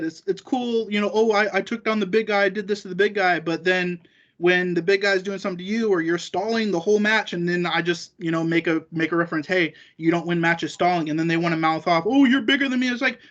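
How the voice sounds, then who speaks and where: Here a man with a high-pitched, fairly bright voice rambles and swears through a casual podcast chat, imitating what others told him. He's the guest, a jiu-jitsu competitor, and the recording has its highs cut off.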